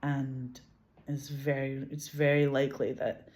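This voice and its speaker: Animated Glasgow woman, laughing and swearing. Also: rumbling low, unhurried. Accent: Glasgow Scottish. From Scotland. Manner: animated, laughs often, swears, heavy "like" fillers. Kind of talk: casual chat.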